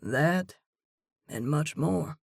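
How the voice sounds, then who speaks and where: A woman voicing a relaxed, gently amused young man in an audiobook. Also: sits low, unhurried, vocal fry, no echo, studio quality, heavily acted. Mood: teasing. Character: easygoing, teasing young man, old friend.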